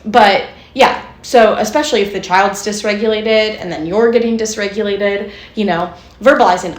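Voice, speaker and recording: A woman's voice: mid-range voice, moderate pace, hardly any pauses, reverberant. A woman co-hosting a podcast as a therapist, talking casually and explaining with lots of "like" and "right?". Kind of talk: casual chat.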